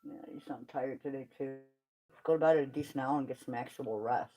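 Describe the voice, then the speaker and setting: A woman's voice: extremely low pitch, fairly quick, warm tone. A woman chatting frankly while doing farm chores, tired and swearing casually. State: tired, with back pain. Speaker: kennel owner doing chores.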